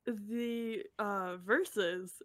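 A woman's voice: medium pitch, steady tone, extremely slow, no echo, clean studio sound. A woman co-hosting a podcast in enthusiastic casual chat, laughing a lot. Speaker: podcast co-host.

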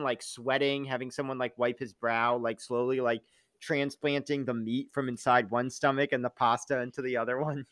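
A man's voice: medium pitch, pushed and bright, clean tone, dry recording. A man co-hosting a casual podcast chat, rambling and joking, often slipping into silly impressions. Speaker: podcast co-host. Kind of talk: casual chat about a TV show.

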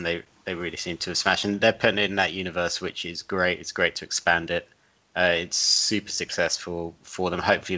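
Man, very low voice, sharp bright tone, upbeat podcast co-host, lo-fi sound. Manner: upbeat and enthusiastic. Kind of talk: casual podcast chat. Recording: dull lo-fi audio.

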